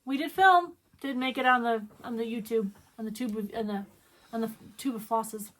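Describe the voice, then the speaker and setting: A woman's voice: on the high side, normal speed. A middle-aged woman from Wyoming co-hosting a casual stitching chat show, telling stories between bursts of giggles. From Wyoming, USA. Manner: giggly, animated storyteller. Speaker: co-host.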